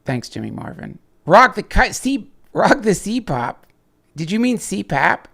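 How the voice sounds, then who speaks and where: A man's voice: sits high, very animated, slow pace, gravelly, a bit bright. A man hosting a livestream, rambling casually and profanely with lots of restarts and chuckles while reading viewer chats.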